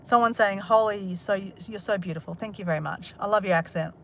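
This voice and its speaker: A woman's voice: medium pitch, brisk, fairly bright tone, a little hiss or hum. Chatty Australian woman on a livestream. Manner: chatty and rambling, with self-mocking sarcastic humour. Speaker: livestream host. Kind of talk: casual live chat reading comments.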